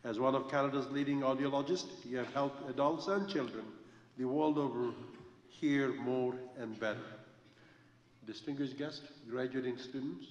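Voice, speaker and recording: A man's voice: medium pitch, slight background noise. A man presents an honorary degree at a ceremony, speaking formally with frequent hesitations. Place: large hall. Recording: distant, dull, echoey hall sound.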